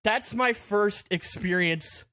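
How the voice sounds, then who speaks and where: A man co-hosting a podcast, telling a story in casual chat, animated and laughing at himself. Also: high voice, takes it slowly, clear, resonant tone, no echo, studio quality. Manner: animated, laughs through his own stories. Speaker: podcast co-host. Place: podcast studio.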